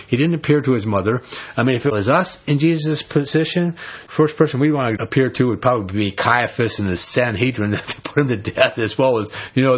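Male pastor, emphatic, plainspoken sermon delivery, husky tone, dull recording. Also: mid-range voice. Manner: blunt, emphatic preaching with casual slang.

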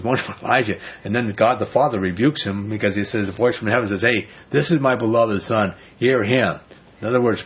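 A man's voice: lowish voice, slightly rough, highs cut off. Man preaching a casual, chatty sermon. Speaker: pastor. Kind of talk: conversational sermon.

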